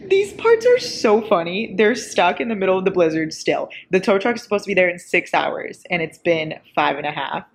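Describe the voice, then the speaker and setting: A woman in her twenties, a book vlogger, talking casually and excitably about what she reads, often breaking into giggles. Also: on the low side, normal speed, slight background noise. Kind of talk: casual reading vlog.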